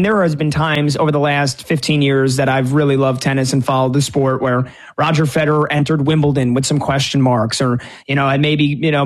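A man giving opinionated, rambling sports betting commentary on a tennis tournament as a show regular. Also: fairly high pitch. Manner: opinionated, rambling, many restarts.

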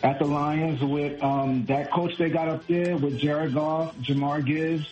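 A man's voice: on the high side, steady tone, measured pace, darkish tone, faint music behind, poor audio. A man from Brooklyn with a New York accent, calling in to a sports radio show with resigned, joking pessimism. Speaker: caller.

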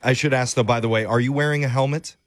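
A man, a radio host, doing a prank call while playing a calm, polite customer service agent with a deadpan manner. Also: medium pitch, fast talker.

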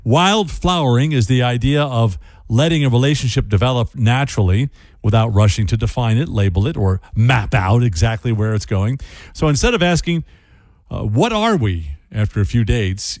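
A man's voice: mid-range voice, animated, moderate pace, a little mellow, no echo. A man hosting a radio talk segment from a studio microphone. He talks chattily and drops joking asides between points. The sound is close and dry, with no room behind it. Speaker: radio host.

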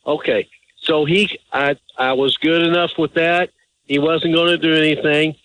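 A man with a slightly high voice calls in to a radio advice show. He tells a rambling, hesitant story, halting and restarting often. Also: steady tone, a bit bright, no room sound, poor audio. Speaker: caller. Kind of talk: phone-in call.

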